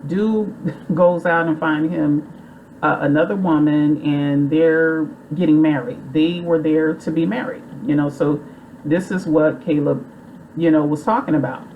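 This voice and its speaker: A woman's voice: low-pitched, steady tone, measured pace, narrow, tinny audio, slight background noise. A woman casually recapping a movie plot in a rambling, chatty way full of fillers. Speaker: movie reviewer.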